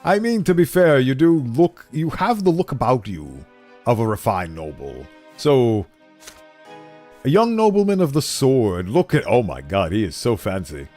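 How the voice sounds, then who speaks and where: Animated male game streamer. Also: mid-range voice, measured pace, faint music behind. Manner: animated, self-deprecating, laughs often. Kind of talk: casual commentary while playing.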